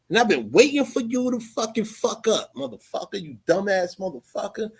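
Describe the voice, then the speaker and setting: This is a man with ranting furiously at people in his livestream chat. He swears constantly, repeats his phrases, and keeps coming back to the same insults. His voice sits a bit on the high side. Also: animated, brisk, vocal fry, few pauses, slightly rough. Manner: angry, profane, repetitive. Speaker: channel host.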